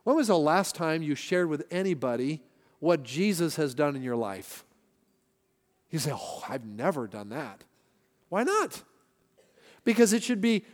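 High-voiced man preaching in a reverberant church. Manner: conversational storytelling with shifting emphasis. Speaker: pastor. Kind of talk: sermon. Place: church sanctuary platform. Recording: long hall reverb from a church.

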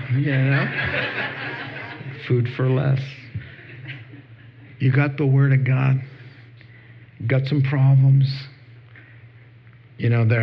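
A husky male pastor delivering a sermon, slipping into lively acted-out voices as he retells conversations. The recording is somewhat dull and lo-fi. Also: mid-range voice. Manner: animated storytelling with acted-out dialogue.

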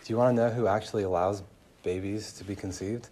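A young man preaching a sermon to a room, telling stories in an animated way with many asides. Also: fairly low pitch, fast talker. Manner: animated storytelling, laughing, lots of "like". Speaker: pastor. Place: room with an audience.

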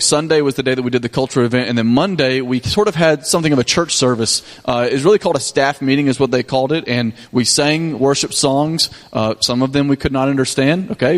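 A man, a pastor casually recounting a mission trip to his congregation, with many restarts and fillers. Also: mid-range voice. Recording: long hall reverb.

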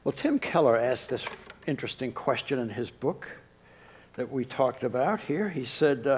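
A man preaching a sermon, who drops to a soft hush when he quotes. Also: mid-range voice, lively intonation, normal speed, breathy edge, low-quality recording. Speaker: pastor.

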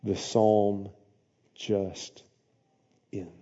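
A man preaching a sermon in a church, dramatic, swinging from hushed to loud with sarcastic asides. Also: lowish voice, little pitch movement, extremely slow. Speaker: pastor. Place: church sanctuary. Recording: dull, long church reverb.

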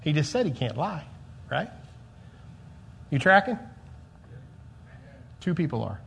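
A male pastor preaching a sermon, emphatic, repeating phrases and swinging between loud and soft. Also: a little high, big pitch swings, slow, creaky, a little hiss or hum.

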